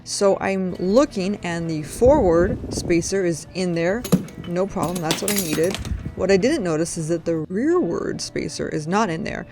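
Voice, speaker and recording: A woman's voice: fairly low pitch, lively intonation, a little slow. A woman chatting casually in a car repair vlog, rambling with jokey asides. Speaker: DIY car repair vlogger. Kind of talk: casual chat. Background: background music.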